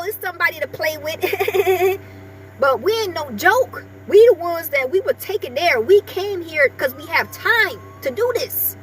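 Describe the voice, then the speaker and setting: A woman's voice: very high voice, a little hiss or hum. A woman vlogger chatting casually with her viewers and breaking off now and then to talk to her small dog.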